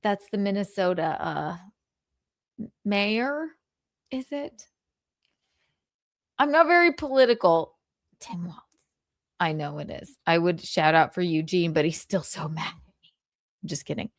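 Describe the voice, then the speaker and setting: A woman's voice: fairly low pitch, measured pace, long pauses, dry recording, studio quality. A young woman hosting a casual livestream, talking candidly, swearing freely and laughing often. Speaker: livestream host.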